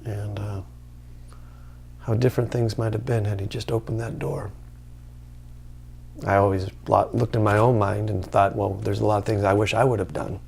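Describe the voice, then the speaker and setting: A man telling a personal story in a hesitant, quiet, reflective way. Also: fairly low pitch, level tone, normal speed, vocal fry, long pauses, slight background noise.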